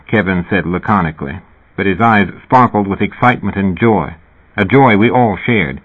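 Guy narrating a novel in first person, lowish husky voice, tinny phone-line sound, steady pace. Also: normal speed. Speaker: audiobook narrator.

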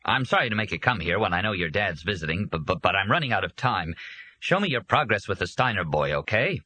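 A man's voice: on the low side, sing-song, fast talker, pushed and bright, breathy edge, no room sound, heavily acted. A man doing an anxious, irritable drunk boss. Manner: stuttering, grumbling.

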